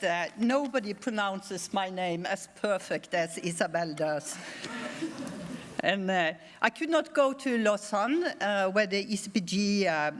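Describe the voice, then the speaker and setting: A woman accepting an award, giving a thank-you speech in a halting way with many fillers. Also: medium pitch, long reverb tail, a little hiss or hum. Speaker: award recipient.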